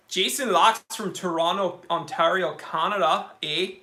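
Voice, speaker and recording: Young guy on a live stream, fairly high voice, bright and lively, reads chat out loud all excited. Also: a little slow. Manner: excitable, reading out viewer comments. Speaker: watch channel host.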